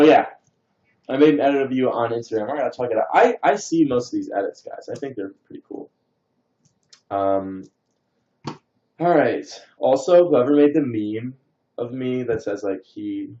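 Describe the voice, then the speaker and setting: A man's voice: lowish voice, darkish tone. A young man casually rambling through a story and reading out viewer comments on a livestream, with lots of fillers. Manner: answers viewer comments and thanks them. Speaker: livestream host. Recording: dull lo-fi stream audio.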